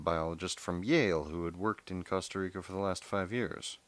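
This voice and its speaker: A man reading a novel aloud, steady but with occasional stumbles and self-corrections. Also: sits low, a little fast, hardly any pauses, no echo.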